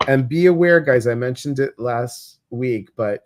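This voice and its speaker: A man with a Midwestern American accent hosting a casual livestream chat, talking in an animated way with many fillers and restarts. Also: mid-range voice, unhurried, slight background noise. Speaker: host.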